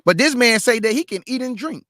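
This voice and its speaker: A man teaching the Bible, reading verses aloud and breaking off to question them with drawn-out emphasis. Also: extremely high pitch, expressive, sharp tone, no room sound, studio quality. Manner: reads verse then stops to question it aloud. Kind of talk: street-style scripture teaching.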